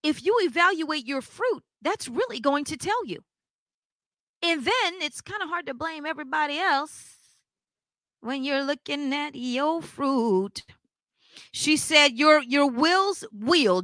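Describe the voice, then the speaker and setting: A woman's voice: high-pitched, animated, a little slow, a bit bright, no echo. A woman co-hosting a church broadcast, teaching in an emphatic preaching style and putting pointed questions to her listeners.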